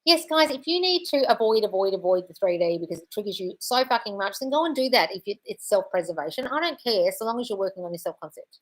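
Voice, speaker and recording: A manifestation coach hosts a live Q&A, pulling viewers' questions from the chat and answering bluntly, swearing freely and calling people darling. Her mid-range voice is animated and fast.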